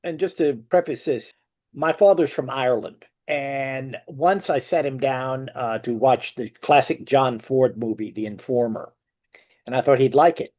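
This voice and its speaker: A man's voice: mid-range voice, a little slow, darkish tone. A man interviewing a guest, asking questions in a hesitant, self-interrupting way. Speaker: interviewer, magazine writer.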